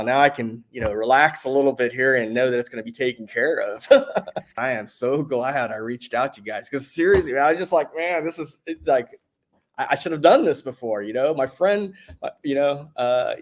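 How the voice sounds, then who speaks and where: A man, a military veteran, giving a casual spoken testimonial, halting with many restarts and fillers, his voice jumping up excitedly when he retells what was said. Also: medium pitch. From United States.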